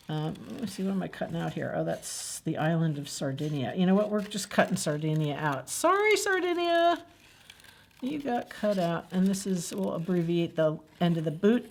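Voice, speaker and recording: A woman's voice: lowish voice, darkish tone. A woman hosting a library story time, chatting her way through a children's craft and asking the kids questions. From New Jersey.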